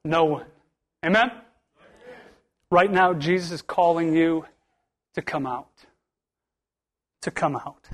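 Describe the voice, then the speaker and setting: A man's voice: fairly high pitch, slow, long pauses. A male pastor preaching a sermon to his church, building to emphatic bursts with much repetition.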